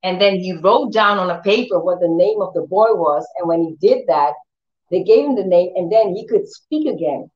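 A woman giving an informal sermon, telling lively stories and acting out what people say in other voices. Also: lowish voice, moderate pace. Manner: animated storyteller who acts out quotes in other voices. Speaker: preacher. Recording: roomy, dull lo-fi sound.

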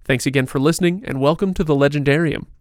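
Slightly high-voiced joking man host. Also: fast talker. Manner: joking, many fillers and restarts. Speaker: podcast host. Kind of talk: casual chat.

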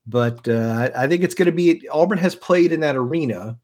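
A man's voice: on the high side, a little fast. A man co-hosting a podcast, talking casually and rambling a bit as he sizes up an upcoming game. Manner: relaxed, rambling with fillers. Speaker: podcast co-host. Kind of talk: casual sports chat.

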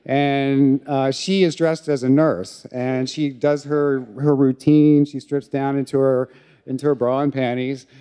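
Mellow-voiced man telling a candid story. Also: mid-range voice, flat delivery, measured pace, clean tone. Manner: candid, self-mocking, with laughs. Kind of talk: personal story told to an audience.

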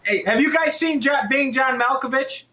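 A man on a roundtable, loud and joking as he calls out to the others. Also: extremely high pitch, normal speed, background noise. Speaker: roundtable guest. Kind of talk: casual chat.

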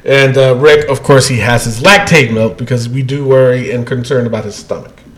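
A man's voice: mid-range voice, normal speed, poor audio. A man hosting a casual wrestling podcast, rambling loosely with lots of fillers and laughter. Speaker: podcast host.

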